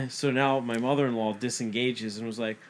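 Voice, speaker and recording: A man's voice: medium pitch, moderate pace, slight background noise. Profane storytelling man. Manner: profane, animated retelling with quoted dialogue. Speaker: podcast co-host. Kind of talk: casual storytelling chat.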